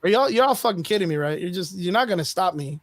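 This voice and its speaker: A man's voice: sits high, animated, quick pace, crowd noise. A man voicing a blunt, fed-up Hulk in a casual retelling of a comic.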